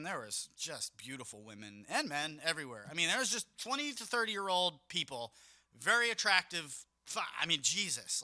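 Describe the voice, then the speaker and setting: A man's voice: on the high side, dry recording, clean studio sound. A young man, a DJ, casually recounting a wedding gig, acting out what people said and swearing freely. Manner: animated, acts out quotes, swears casually. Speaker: mobile DJ and podcast host. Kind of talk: casual storytelling monologue.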